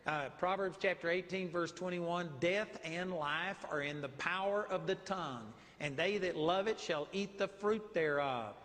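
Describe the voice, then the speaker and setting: Texan guy preaching, kinda high voice, big echoey hall. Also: measured pace, hardly any pauses. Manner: animated storytelling preaching, commanding declarations. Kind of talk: sermon.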